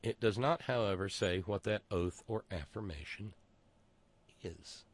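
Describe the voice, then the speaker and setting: A man's voice: on the low side, measured pace. A man talking through a casual monologue, sarcastic and digressive, often stopping to restart his sentences.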